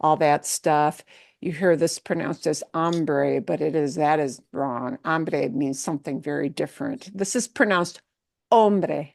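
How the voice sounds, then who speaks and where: A woman's voice: deep voice, moderate pace, gravelly, a little mellow. A woman teaching a beginner language class, patiently repeating words for students to echo and checking in with "okay?". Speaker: Spanish teacher.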